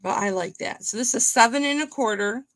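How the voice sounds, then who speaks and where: A woman's voice: on the high side, a little fast, a bit bright. A woman hosting a live-streamed jewelry auction, chatting casually with viewers by name as she shows and sells pieces.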